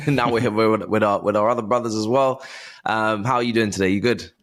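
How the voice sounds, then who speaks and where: A man hosting a casual football fan podcast, talking in a lively, chatty way and often asking "do you know what I mean". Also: lowish voice, a little fast. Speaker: podcast host. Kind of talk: casual chat.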